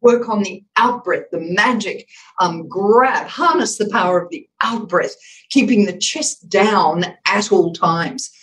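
A woman's voice: mid-range voice, a little slow, fairly bright tone, a little hiss or hum, low-quality recording. A woman, a communications expert, explaining with emphasis in a podcast interview and acting out voice examples as she talks. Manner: emphatic, demonstrative, acts out voice examples.

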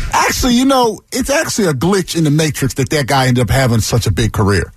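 A man's voice: on the high side, lively intonation, a little fast, husky, dry recording, clean studio sound, faint music behind. A man co-hosting a sports talk radio show, wry and emphatic. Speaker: radio co-host.

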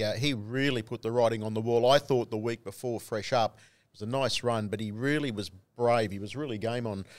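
A man's voice: on the low side, no echo. A man co-hosting a racing podcast, talking knowledgeably about horses with a wry touch. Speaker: race caller and co-host. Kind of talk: casual chat.

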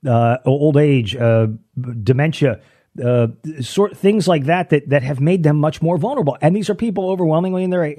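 Guy ranting on his politics show, mellow dark voice, lots of restarts. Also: a little high. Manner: ranting, restarts often, sarcastic. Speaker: host.

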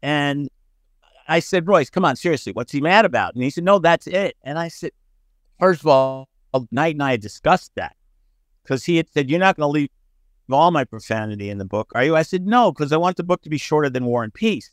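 Animated storytelling man, dry sound. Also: on the high side, a little fast, dry recording. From United States. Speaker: sportswriter guest. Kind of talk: storytelling podcast interview.

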